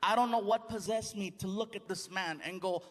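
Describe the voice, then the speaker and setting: A man performing stand-up on a comedy stage before a live audience, telling a story in an animated way and shouting his punchlines. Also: high voice, a little fast. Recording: live stage mic with crowd noise.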